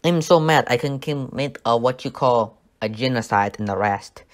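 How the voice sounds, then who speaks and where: Man, comedy streamer, deadpan mock-dictator parody voice. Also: medium pitch, normal speed. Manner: mock Russian dictator bluster, deadpan jokes.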